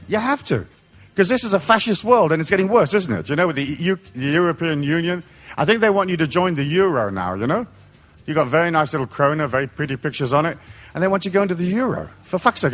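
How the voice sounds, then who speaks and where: A man's voice: fairly high pitch, a bit bright. A middle-aged man giving a live seminar talk, rambling and profane, with blunt comic asides. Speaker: seminar speaker. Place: lecture hall before an audience.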